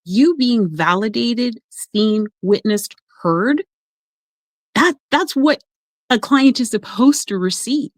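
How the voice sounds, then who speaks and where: A woman who works as an emotional coach, talking in a casual podcast conversation and telling stories with lively acted-out voices. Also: fairly high pitch, slow, no echo. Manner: animated storyteller, acts out quoted voices.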